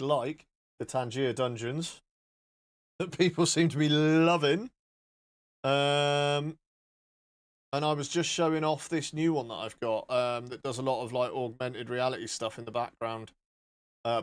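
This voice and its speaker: A man's voice: mid-range voice, fairly even intonation, measured pace. A man chatting casually and joking as he shows off filters on his live stream, with some swearing.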